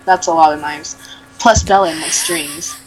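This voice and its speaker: A woman's voice: low-pitched, steady tone, soft background music, rough recording. A young woman mockingly reading fanfiction aloud, giggling and adding sarcastic asides. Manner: reads slowly, breaks into giggles and sarcastic asides. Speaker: reader.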